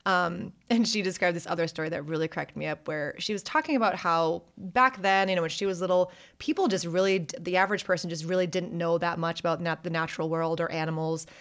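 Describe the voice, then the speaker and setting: A woman in casual conversation, retelling a story with frequent laughter. She jumps into a high, excited voice whenever she quotes someone. The talk is loose and chatty. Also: quick pace, hardly any pauses. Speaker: podcast co-host.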